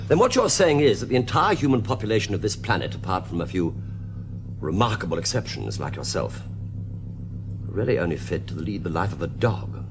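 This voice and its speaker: Sharp hero, very low voice with lively inflection, cutting interrogation, 1970s TV drama. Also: male voice, fairly quick, vocal fry. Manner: probing, challenging, cutting. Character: sharp, defiant male time-traveling hero.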